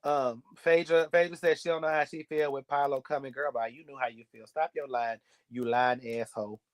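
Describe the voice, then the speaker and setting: A man's voice: mid-range voice, fairly even intonation, fairly quick. A man giving a sassy, blunt, gossipy recap of a reality show episode. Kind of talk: casual recap commentary.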